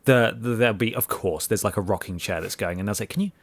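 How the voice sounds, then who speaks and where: A man's voice: fairly low pitch, fast talker, no room sound. A man co-hosting a podcast, telling a rambling story in casual chat, acting out quotes and swearing freely. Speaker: podcast co-host.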